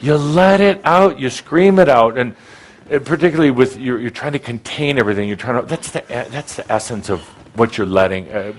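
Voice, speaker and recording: A man's voice: mid-range voice, fairly quick. A man leading a spiritual workshop before a live audience on a handheld mic, teasing and provoking a participant, often restarting his sentences. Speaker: spiritual teacher working with an audience. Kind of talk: interactive workshop talk. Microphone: handheld microphone.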